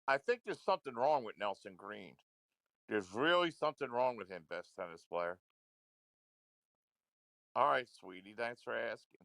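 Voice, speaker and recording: A man's voice: medium pitch, expressive, normal speed, gravelly, long pauses, fairly bright tone, dry recording. A man ranting into a livestream, confrontational and repetitive, swearing often. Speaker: livestream commentator.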